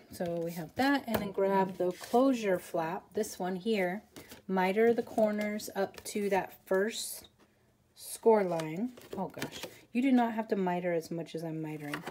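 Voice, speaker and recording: A woman's voice: on the low side, normal speed, mellow, a little hiss or hum. A woman hosting a casual papercraft tutorial, chatty and rambling, with self-deprecating asides as she works.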